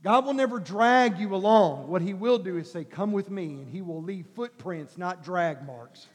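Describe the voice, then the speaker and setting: High-pitched guy preaching loud then soft, church hall echo. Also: moderate pace. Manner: animated preaching, acts out quoted voices with shouts and soft coaxing. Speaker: pastor. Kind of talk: sermon. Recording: long hall reverb.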